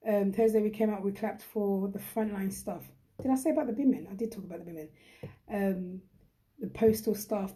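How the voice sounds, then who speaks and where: Chatty, emphatic woman with a mellow voice. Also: medium pitch. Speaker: host. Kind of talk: live chat with viewers.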